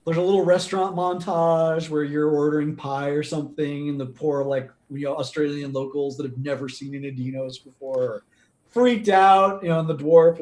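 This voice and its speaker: A man's voice: fairly high pitch, darkish tone. Chatty male game master, roomy echo. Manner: casual, chatty narration. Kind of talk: narrating a tabletop game.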